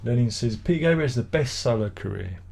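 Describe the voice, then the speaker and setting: A man's voice: medium pitch, lively intonation, brisk, vocal fry, a little mellow. A middle-aged man chats loosely on a home live stream and reads viewer comments aloud. He rambles from thought to thought with a sardonic, grumbling edge and mock-exasperated asides. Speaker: livestream host reading viewer comments. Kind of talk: casual live-stream chat.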